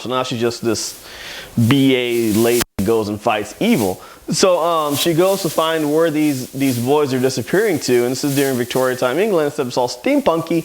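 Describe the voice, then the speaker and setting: A man who owns a comic shop and hosts a casual review show, loosely retelling comic plots. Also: medium pitch. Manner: loose, rambling plot retelling. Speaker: comic shop owner and host.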